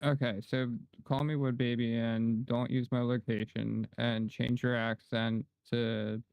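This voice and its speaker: A man's voice: mid-range voice, flat delivery, measured pace, vocal fry, a little mellow, smooth, no echo, rough recording. Teasing, bossy man streamer. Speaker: game streamer. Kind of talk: casual livestream chat.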